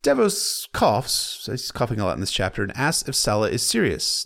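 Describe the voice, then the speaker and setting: A man narrates a story recap in a loose, comedic way, cracking slangy asides as he goes. His voice is gravelly and his delivery is casual rather than polished. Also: mid-range voice, wildly swooping pitch, moderate pace, few pauses, a bit bright.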